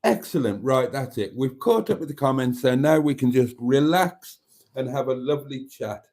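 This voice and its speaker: A Welsh-born man with a Birmingham accent hosting a casual livestream, chatty and jokey, reading out viewer comments and often clearing his throat. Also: mid-range voice, lively intonation, moderate pace, darkish tone. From Wales. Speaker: livestream host.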